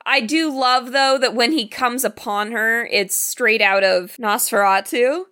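Bright, high woman chatting about a movie. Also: unhurried. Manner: lively, expressive, laughs easily. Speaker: podcast co-host. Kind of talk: casual movie recap chat.

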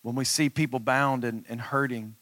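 A lead pastor preaching a sermon, building to fervent calls to the congregation. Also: male voice, medium pitch, fairly even intonation, normal speed, a bit bright, no room sound.

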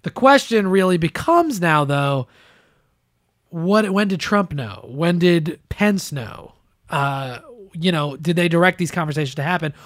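A man co-hosting a podcast, giving casual political commentary in an animated, profane way and acting out quotes in mocking voices. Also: on the high side, measured pace, no room sound, studio quality. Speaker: podcast co-host.

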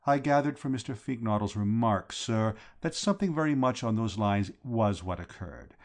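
A man reading as a grave, quiet valet. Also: fairly low pitch, animated, moderate pace. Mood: deferential. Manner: formal, quiet, understated replies. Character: grave, deferential male valet, middle-aged.

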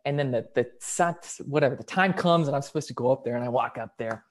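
A young man, a podcast guest, telling a personal story in an excited, animated, conversational way. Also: a little high, brisk.

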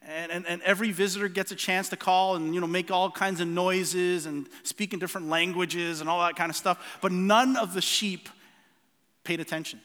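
A man's voice: high-pitched, steady tone, normal speed, a bit bright, big-room sound. A man preaching a sermon, telling a personal story earnestly with many restarts and repeated words.

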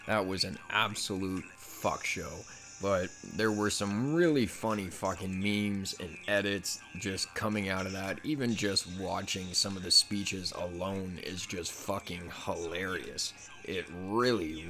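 Male vlogger, very low voice, profane heated rant, faint music underneath. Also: fairly bright tone. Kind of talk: casual commentary rant.

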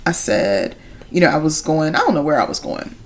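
This is a woman in her thirties co-hosting a podcast in casual chat. She speaks in a lower register and tells lively stories. She acts out the other people in them, and laughter comes through often. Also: brisk, a little hiss or hum. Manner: animated storyteller, acts out quotes, frequent laughter. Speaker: podcast co-host.

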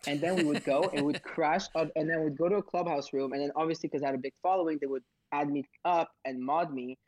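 A man hosting audio rooms, telling stories in a rambling, excitable way and acting out sounds. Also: fairly high pitch, quick pace, dry recording. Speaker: host of social audio rooms. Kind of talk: casual storytelling answer. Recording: dull, dry audio.

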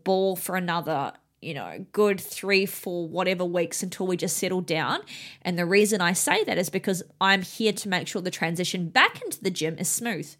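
A woman's voice: on the low side, a bit bright. A woman in her thirties from New Zealand, a gym owner and coach, talking candidly and emotionally, swearing freely and rambling with many fillers. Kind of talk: candid personal monologue.

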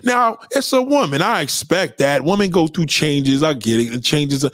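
A man's voice: a little high, lively intonation, moderate pace, a bit bright, dry recording, clean studio sound. A man in a heated, profane livestream rant, lecturing his audience.

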